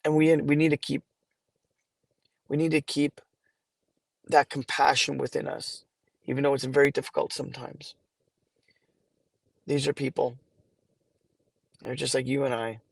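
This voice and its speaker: A man in his forties with a gravelly, fairly level voice, recorded dry and close. He tells his stories haltingly, with frequent restarts, and gets emotional as he goes. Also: mid-range voice, flat delivery, dry recording. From Canada. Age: 40s. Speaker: charity founder guest. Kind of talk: podcast interview storytelling.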